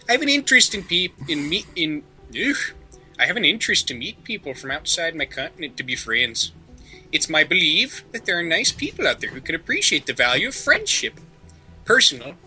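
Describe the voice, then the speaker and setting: A man puts on an overly polite woman writing a spam letter, with a raised, sing-song delivery and a very bright, sharp tone. The reading is formal and comic, and faint music plays underneath. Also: fairly high pitch, exaggerated voice, poor audio. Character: friendly female spam-email writer, overly polite.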